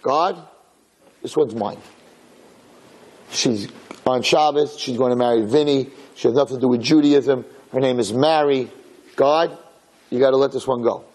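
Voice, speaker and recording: A man's voice: medium pitch, normal speed, pauses often, darkish tone, lightly acted. A man voicing Satan as a scheming male spirit, arguing insistently.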